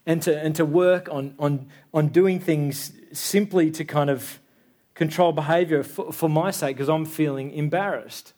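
A man's voice: fairly high pitch, fairly even intonation, a little slow, a little mellow. A man in his thirties preaching a sermon in a church, talking in a conversational way and checking in with the listeners. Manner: conversational, tag questions like "yeah?". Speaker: pastor.

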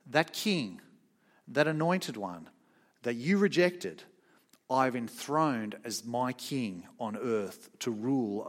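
A middle-aged man preaching a sermon, earnest and emphatic, slowing down on key points. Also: mid-range voice.

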